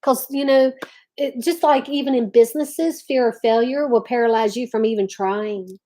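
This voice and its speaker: A middle-aged woman with a slightly high voice runs a casual live stream. She talks in a loose, chatty way, restarting her sentences as she goes. She keeps greeting viewers by name between her thoughts. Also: fairly even intonation, normal speed, dark tone. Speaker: livestream host.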